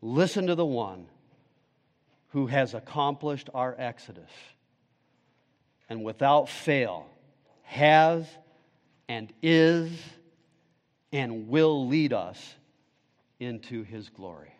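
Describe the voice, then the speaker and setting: A male pastor preaching a sermon, with dramatic swings from booming declarations to hushed, low phrases. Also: expressive, slow, pauses often. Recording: long reverb of a large hall.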